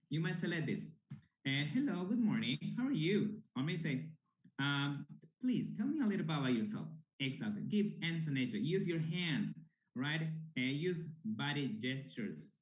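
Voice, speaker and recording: A man leads an online English class, explaining a pair activity step by step. He talks in a halting way, with frequent fillers and false starts, at a middle pitch. The sound has a roomy echo. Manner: halting, many restarts and fillers. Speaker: English teacher.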